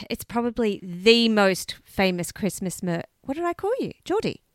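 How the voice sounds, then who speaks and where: A woman co-hosting a casual true-crime chat, telling the story in a chatty, animated way. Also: mid-range voice, a little slow, dry recording. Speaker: podcast co-host.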